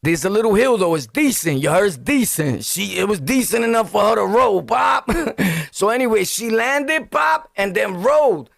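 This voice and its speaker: Middle-aged New York man, vlogger storyteller, lively high voice with gravelly edges, dry close sound, slangy and laughing. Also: moderate pace, no room sound. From Brooklyn, New York. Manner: acts out scenes with loud yelps and sound effects; slangy, laughing, talks straight to viewers. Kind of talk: animated street storytelling.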